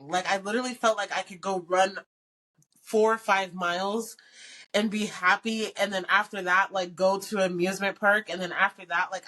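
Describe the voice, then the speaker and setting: A young woman hosting a podcast, telling a personal story in casual chat, full of "like" and acted-out quoted dialogue. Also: mid-range voice. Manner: candid, animated quoted dialogue, frequent "like". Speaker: podcast host.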